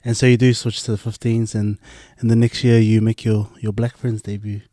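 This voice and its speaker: A man hosting a podcast, asking a guest questions in a halting way, with lots of "uh" and "um". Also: lowish voice, little pitch movement, mellow, no room sound, clean studio sound. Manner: halting, with many "uh" and "um". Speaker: podcast host. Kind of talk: casual interview questions.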